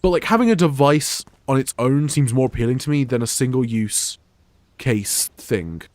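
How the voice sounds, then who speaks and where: A man's voice: mid-range voice, expressive, normal speed, a little mellow, no room sound. A young British man with an English accent that has Scottish touches, rambling casually as he streams a game. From United Kingdom. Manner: rambling, many fillers and restarts. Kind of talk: casual gameplay chat.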